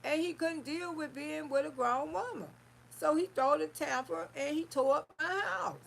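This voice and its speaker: High raspy-edged lady on a live stream, chatty storytelling, keeps saying honey. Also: moderate pace, a little hiss or hum. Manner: animated, calls listeners honey and baby. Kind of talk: casual personal storytelling.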